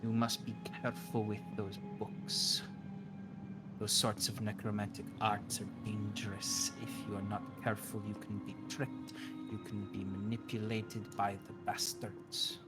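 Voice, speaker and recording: A man voicing a cryptic, intense tabaxi cleric woman in a hushed, breathy, ominous manner. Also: on the low side, flat delivery, measured pace, over loud music, lightly acted. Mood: solemn.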